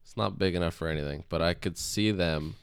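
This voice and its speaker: A man's voice: sits low, brisk, clear, resonant tone, no room sound. A young man hosting a casual podcast chat, telling stories and laughing at himself often. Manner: laughs often, self-deprecating, storytelling. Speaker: podcast host. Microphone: close podcast mic, breath audible.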